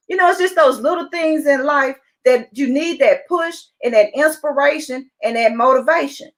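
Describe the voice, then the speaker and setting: An upbeat woman with a fairly high voice, pitching motivation to listeners on a call. She talks with excitement and keeps pressing the same point. Her voice comes through call audio. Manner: excited, upbeat, repetitive urging. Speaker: motivational speaker.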